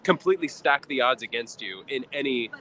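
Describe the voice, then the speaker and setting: A man giving an earnest, measured explanation outdoors at a protest, pausing on fillers as he goes. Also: medium pitch, animated, sharp tone, a little hiss or hum. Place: outdoors on a city street.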